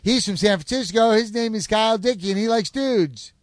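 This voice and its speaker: A man's voice: sits high, fairly quick, no echo. A man hosting a mock dating game show, announcing contestants. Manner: announcing, coaxing. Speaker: host.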